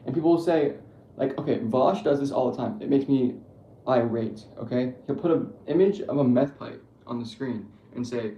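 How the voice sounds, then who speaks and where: A man's voice: mid-range voice, moderate pace, warm tone, lo-fi sound. A young man streaming, telling crude jokes in a rambling casual monologue full of swearing. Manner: crude, joking, profane storytelling. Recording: echoey room with faint noise.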